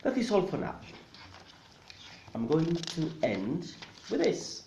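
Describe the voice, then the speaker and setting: Lively male language teacher, echoey room. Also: fairly high pitch, creaky, a little hiss or hum. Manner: lively, emphatic, repeats words slowly for practice. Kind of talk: video lesson. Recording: echoey room, dull lo-fi sound.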